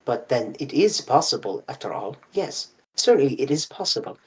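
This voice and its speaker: A reader voicing a fussy, sharp-minded older male detective who asks precise, probing questions. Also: mid-range voice, very animated, normal speed, husky. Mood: musing.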